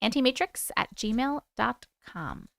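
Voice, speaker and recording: Bright, lively high-voiced woman host. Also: a little slow, gravelly, no echo, clean studio sound. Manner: playful, chatty, with pet names for viewers. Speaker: livestream host reading viewer stories. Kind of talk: casual live chat and story reading.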